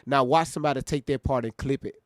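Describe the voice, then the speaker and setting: A man's voice: mid-range voice, fairly even intonation, fast, no echo, studio quality. A man hosting a reaction stream, talking to his viewers in an emphatic, informal way. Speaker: reaction video host. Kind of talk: casual live-stream commentary.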